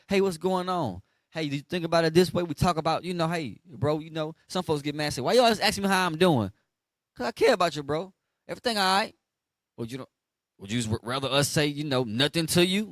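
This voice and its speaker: A man preaches in a blunt, slangy street style, calling on listeners to finish each verse aloud. His voice sits a little high for a man. The sound is dry and close. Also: fairly bright tone, dry recording. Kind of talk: street sermon teaching.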